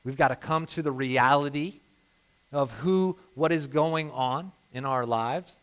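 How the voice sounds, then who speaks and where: A man preaching a sermon as a pastor, impassioned, moving between hushed and emphatic delivery. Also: mid-range voice, unhurried.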